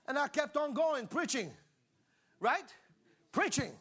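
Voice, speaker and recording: A man preaching an exuberant sermon, often shouting and laughing, calling on the congregation to respond. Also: very high voice, very animated, takes it slowly.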